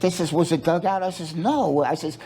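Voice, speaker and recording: A man's voice: fairly high pitch, a little fast, warm tone. A middle-aged man, a guest telling stories in a profane, joking way and acting out the people he quotes. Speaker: interview guest. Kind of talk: casual storytelling.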